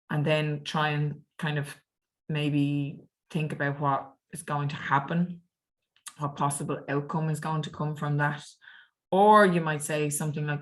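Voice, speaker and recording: Female tutor, low voice, clear patient exam-prep delivery. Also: flat delivery, unhurried. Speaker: French teacher. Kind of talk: online exam revision lesson.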